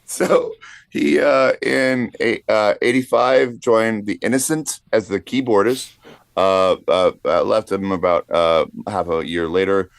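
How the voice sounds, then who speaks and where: Deep-voiced halting podcast man. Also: vocal fry, no room sound. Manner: halting, full of uh fillers, dry quips. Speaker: podcast co-host. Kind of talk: casual storytelling with research notes.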